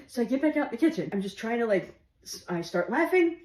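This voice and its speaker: A woman's voice: on the high side, quick pace, heavy background noise. Laughing woman telling a story, roomy echo. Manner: laughing through her words, animated, swearing. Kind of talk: casual comic storytelling. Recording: roomy echo with faint music.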